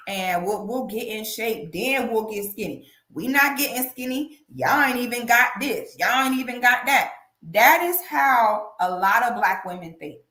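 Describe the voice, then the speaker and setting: An unhurried woman with a higher-pitched voice hosts a casual commentary livestream, emphatic and animated, with a habit of asking "okay?" over and over. The audio carries the echo of the room.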